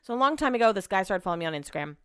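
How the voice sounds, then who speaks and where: A woman's voice: mid-range voice, very animated, racing, a bit bright, clear, resonant tone, dry recording, studio quality. A woman telling a casual story monologue, chatty and blunt, swearing freely as she retells back-and-forth conversations.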